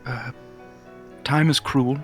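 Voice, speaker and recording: A man's voice: medium pitch, steady tone, slow, a bit bright, faint music behind. A man voicing a pompous, forgotten female deity who speaks from a mass of light, hazy about who she is. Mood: pompous, musing. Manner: pompous, hazy and unsure of herself.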